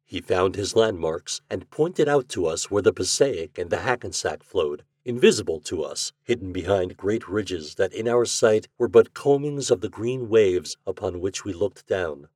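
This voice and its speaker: Low-voiced male story reader. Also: lively intonation, moderate pace, hardly any pauses, darkish tone, no room sound, studio quality. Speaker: podcast narrator. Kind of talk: reading a classic short story aloud.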